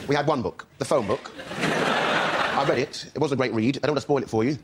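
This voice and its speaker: A male comedian doing a stand-up routine on a panel show, shouting character voices in his anecdotes. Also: mid-range voice, fairly quick, long pauses. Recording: noisy studio.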